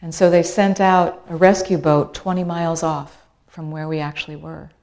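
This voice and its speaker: A middle-aged woman tells her own story to listeners, an author whose voice sits a little low for a woman. She builds tension with repeated phrases and shifts her delivery freely between moods. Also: moderate pace, gravelly. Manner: animated storyteller, acts out quoted voices. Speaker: author and speaker. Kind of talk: storytelling talk.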